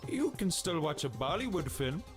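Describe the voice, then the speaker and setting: A melodramatic computer program, high-voiced and swinging widely in pitch. He talks down to people and predicts doom, with music behind him. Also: big pitch swings, moderate pace. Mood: calm. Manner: melodramatic, insulting. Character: fatalistic male computer program, dramatic, doom-saying. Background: game music.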